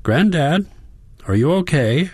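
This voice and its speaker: A man's voice: fairly low pitch, very animated, normal speed, a little mellow, no echo, voice pushed up. A man reading the part of a worried, caring young granddaughter in an audiobook, with an earnest, pleading manner.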